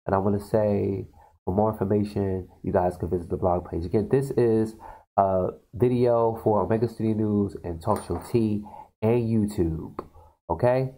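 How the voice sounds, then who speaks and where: A man casually recapping a movie in a loose, rambling way and slipping into voices for the characters. His voice has a mellow, darker tone at a middling pitch. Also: poor audio. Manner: rambling, acts out characters' lines. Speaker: YouTube host.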